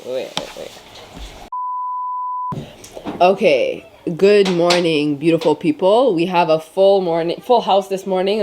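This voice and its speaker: A woman's voice: fairly low pitch, noisy background. A tired young mother chatting frankly to camera at home in a rambling vlog. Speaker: vlogger, stay-at-home mom. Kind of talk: casual vlog talk to camera.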